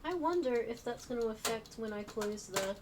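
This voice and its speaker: Woman streamer, chatty and self-mocking, fairly high voice, faint room noise behind, casual home stream. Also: animated, moderate pace. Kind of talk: casual chat while unpacking on stream.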